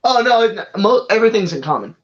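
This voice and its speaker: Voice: mid-range voice, lively intonation, a bit bright. Chill game master narrating the scene, laughs a lot, muffled lo-fi mic. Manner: laid-back, laughs often, slips into quick character voices. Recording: dull lo-fi mic.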